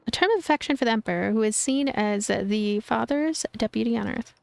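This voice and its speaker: A woman's voice: on the high side, lively intonation, brisk, vocal fry, few pauses, dry recording. A woman streaming a story game, reading its text aloud with casual asides. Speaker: gaming streamer. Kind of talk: game playthrough with read-aloud narration.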